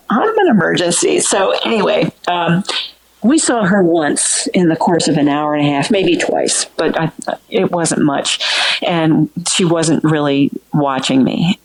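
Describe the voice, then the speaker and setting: A woman guest earnestly recounting a personal story in an interview, halting and restarting as she goes. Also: low-pitched, poor audio. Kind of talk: emotional first-person storytelling.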